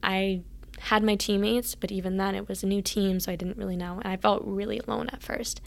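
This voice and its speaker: An earnest woman recounts her college athletic years as an interview guest. Her voice carries a gravelly texture and moves within a narrow, even pitch range. She slips readily into reenacting past conversations. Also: fairly quick. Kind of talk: casual interview storytelling.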